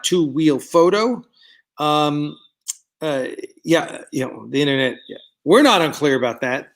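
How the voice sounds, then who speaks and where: A man's voice: a little high, lively intonation, measured pace. A man hosting a live stream, chatting casually with viewers in a rambling way, with many fillers, and reading out their comments. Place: studio set of a starship bridge.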